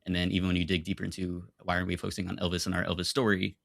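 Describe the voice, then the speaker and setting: A young man making his case in a lighthearted film debate, insistent and quick to laugh. His voice is very deep with a gravelly edge, and the sound is dry and close. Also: completely flat delivery, fairly bright tone, no echo. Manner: argumentative, insistent, laughs easily. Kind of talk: casual comedic debate.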